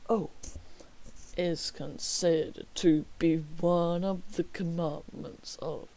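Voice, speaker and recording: A man's voice: a little high, steady tone, takes it slowly, creaky, a little mellow, rough recording. A young man reading his homework aloud on a stream, breaking off into wry joking asides. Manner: wry, slips into whispered mock remarks. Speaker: student streamer.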